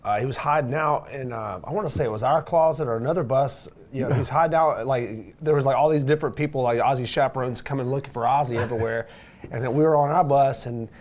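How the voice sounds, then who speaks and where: A man's voice: mid-range voice, quick pace, a little mellow. A man, a musician, telling a story in a rambling way full of fillers and laughter. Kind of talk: storytelling interview.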